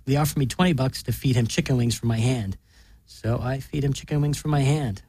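A man reads a short story in a flat, deadpan delivery. His voice is husky, and the recording is dry and close, with no room around it. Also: medium pitch, fairly quick, dry recording. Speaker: narrator.

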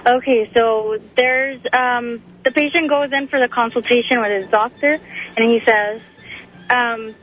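An eager woman caller tells the host a joke in a higher, breathy voice. Her call comes through dull and muffled. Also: steady tone, measured pace, fairly bright tone. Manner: eager, chatty. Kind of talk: telling a joke on a call-in show. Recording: muffled phone-line call.

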